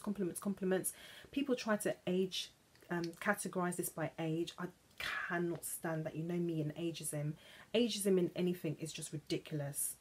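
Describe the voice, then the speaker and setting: A woman from England chatting playfully about perfumes, gushing and now and then dropping into soft whispers. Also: fairly low pitch, slightly rough. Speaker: perfume vlogger. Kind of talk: chatty vlog.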